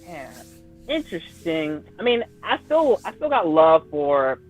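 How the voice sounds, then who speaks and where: A man chatting casually on a livestream, excited and often restarting his sentences. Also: on the high side, a little slow, soft background music. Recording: slightly dull lo-fi stream audio.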